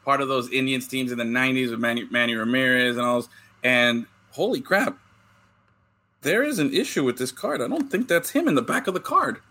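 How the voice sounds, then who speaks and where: A man hosting a casual podcast chat, opening baseball cards and telling animated stories, often saying "bro". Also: mid-range voice, brisk. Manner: animated storyteller, says "bro". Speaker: podcast host.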